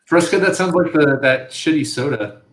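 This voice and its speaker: A man's voice: fairly high pitch, moderate pace. A man in a casual chat over drinks, making dry jokes. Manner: dry joking. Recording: echoey room.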